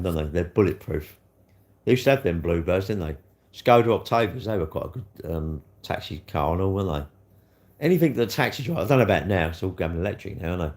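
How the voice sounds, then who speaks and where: Middle-aged bloke, rambling live stream chat, lowish voice, swears a lot, answers comments. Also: male voice, a little mellow. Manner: chatty, rambling, swears freely, reads and answers viewer comments. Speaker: livestreamer.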